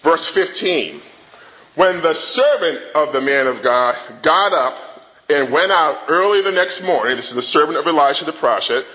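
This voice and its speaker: A man preaching a sermon in an animated way, drawing call-and-response from the congregation. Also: fairly high pitch, rough recording. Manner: dramatizes the king's rant in a rising voice.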